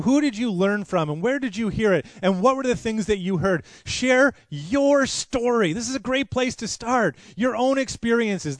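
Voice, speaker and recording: A man's voice: sits high, no echo. A man preaching a sermon as pastor, earnest and conversational, with frequent restarts.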